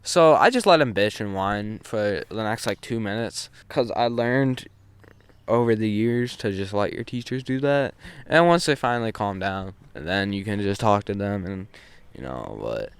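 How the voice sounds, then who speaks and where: Teen boy storyteller, casual and profane, rambling with restarts, clean smooth tone, close dry sound. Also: lowish voice, expressive, normal speed, dry recording. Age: teens. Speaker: vlogger.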